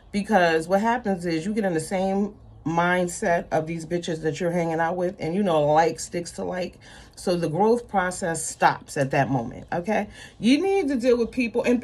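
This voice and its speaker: A woman's voice: mid-range voice, darkish tone, husky. A woman ranting bluntly to her viewers in an unscripted vlog, with heavy profanity, emphatic repetition. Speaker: vlogger.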